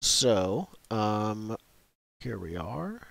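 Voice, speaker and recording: Low-voiced man running a tabletop game. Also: very animated, gravelly, fairly bright tone, dry recording. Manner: quick, explanatory rules talk. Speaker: game master.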